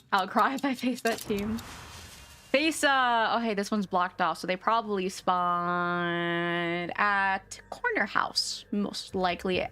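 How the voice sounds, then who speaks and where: A woman's voice: mid-range voice, a bit bright. A woman streaming a game live, chatting casually in a chatty, giggly and jumpy way. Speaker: VTuber streamer.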